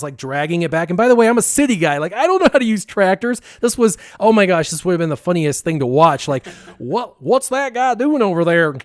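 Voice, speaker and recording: A man casually telling a funny story, lively and laughing as he acts out the voices of the people in it. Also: sits high, no echo, clean studio sound. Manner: animated, laughing, acts out quotes. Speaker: guest storyteller.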